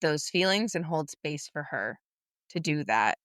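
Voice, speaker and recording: Slow, smooth-voiced woman co-host. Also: deep voice, animated, a bit bright, no echo, clean studio sound. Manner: measured, thoughtful, swears casually. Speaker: podcast co-host. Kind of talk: casual book discussion.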